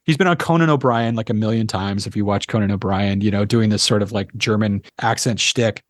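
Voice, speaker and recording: A man's voice: fairly low pitch, a little fast, no room sound. A man, a sound editor, chatting as a guest in an interview and telling stories in a rambling way with lots of fillers. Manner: animated storyteller who acts out quoted lines; rambling, with many fillers and self-corrections. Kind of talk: casual interview chat.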